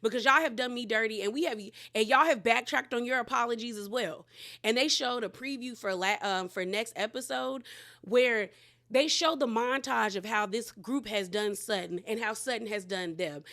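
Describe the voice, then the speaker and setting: This reality TV recap host speaks at a normal pace in a fairly high, fairly bright voice. Casual and blunt, she talks in slang and dramatizes the cast members' lines while retelling the episode.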